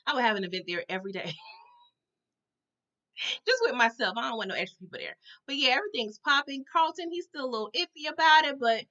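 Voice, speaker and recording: An animated woman chats through a TV episode recap with dramatic flair, punctuating her lines with "okay?" and "all right?". Her voice is bright and sits a little high. The audio is dull and lo-fi. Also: fast. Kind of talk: casual recap commentary.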